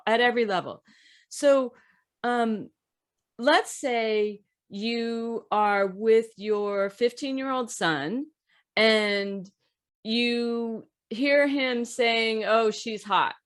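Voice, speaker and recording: A woman hosting a podcast, talking in an emphatic, direct way as she gives advice in a casual discussion. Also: a little high. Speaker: podcast host.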